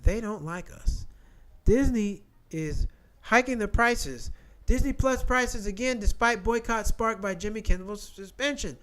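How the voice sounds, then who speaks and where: A man who rants through the headlines in an animated, profane way, repeating his points. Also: sits high, measured pace. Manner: animated, profane, repetitive rant. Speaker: commentary channel host. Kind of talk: ranting commentary, reading headlines.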